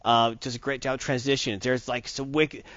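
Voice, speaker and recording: A man's voice: medium pitch, level tone, fairly quick, fairly bright tone, no room sound. A man reviewing a comic book in a casual podcast chat, rambling and opinionated. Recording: dull dry lo-fi recording.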